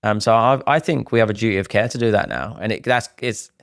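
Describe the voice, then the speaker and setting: Lively man with a low, dry voice. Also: quick pace, dry recording. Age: middle-aged. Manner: animated, acts out other people's remarks. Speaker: podcast co-host. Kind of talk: casual podcast conversation.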